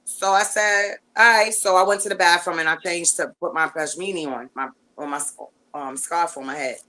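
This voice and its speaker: A woman guest telling a long story in casual chat, animated and rambling, with lots of fillers and restarts. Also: lowish voice, moderate pace, rough recording.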